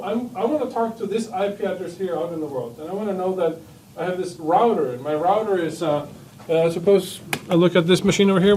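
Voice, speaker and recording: A man teaching a university class, joking and acting out computers in quick quoted voices. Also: sits high, a little mellow, a little hiss or hum. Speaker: university lecturer. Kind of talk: classroom lecture. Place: lecture hall. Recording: echoey lecture hall from far off.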